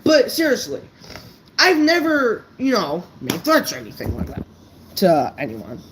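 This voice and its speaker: A woman's voice: mid-range voice, wildly swooping pitch, a little slow, noisy background. A woman vlogger ranting unscripted to her viewers, blunt and profane, stumbling over her words. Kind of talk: unscripted rant to camera.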